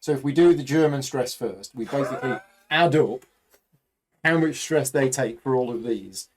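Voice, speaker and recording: A man's voice: mid-range voice, moderate pace, crowd noise. A man hosting a casual board game playthrough, talking through each step aloud and counting totals. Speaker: board game host and player. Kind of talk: casual tabletop playthrough chat.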